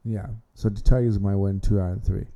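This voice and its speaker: A man's voice: lowish voice, fairly even intonation, fairly quick, dark tone. A man hosting a casual sports podcast, opinionated, often repeating himself and restarting phrases. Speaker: podcast host.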